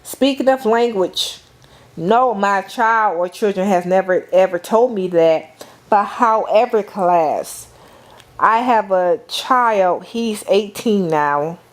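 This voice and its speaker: Slow, deliberate middle-aged woman lecturing. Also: mid-range voice. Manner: deliberate, calls on the class, repeats and restarts phrases.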